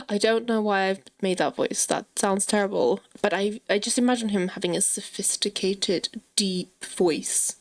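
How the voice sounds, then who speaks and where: A woman's voice: medium pitch, moderate pace, hardly any pauses. A woman hosting a gaming channel, chatting through her gameplay with lots of exclamations and playful scolding of her characters. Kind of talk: casual gameplay commentary.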